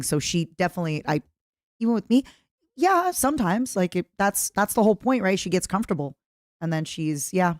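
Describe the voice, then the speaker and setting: A woman's voice: low voice, dry recording, clean studio sound. A woman streamer chatting casually as she reacts to a video, rambling and plugging merch.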